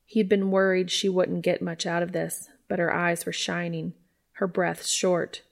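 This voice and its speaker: Low, gravelly woman reading a story. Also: little pitch movement, unhurried. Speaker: fan fiction reader. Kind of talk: reading fan fiction aloud.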